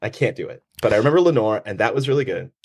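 A male comedian telling stories in a casual podcast chat, jokey and animated. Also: on the low side, racing. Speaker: comedian guest.

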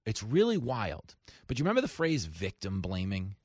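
Male talk radio host, lively swooping pitch, sarcastic, dry studio sound. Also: normal speed, husky, no room sound. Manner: animated, sarcastic, mimics opponents in mocking voices. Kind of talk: opinionated talk radio monologue. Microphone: studio mic.

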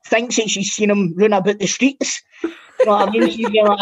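A man's voice: sits high, fairly even intonation, moderate pace, poor audio. A Scottish man co-hosting a football podcast, chatting in an amused way. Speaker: podcast host. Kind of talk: casual chat.

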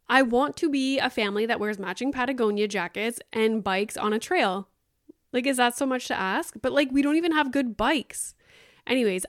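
A woman in her thirties hosts a casual solo podcast, rambling through an exasperated story with "like" after almost every phrase. Her voice is smooth and crisp, at a middle pitch. The recording is dry and close. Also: no room sound. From Canada. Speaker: podcast host.

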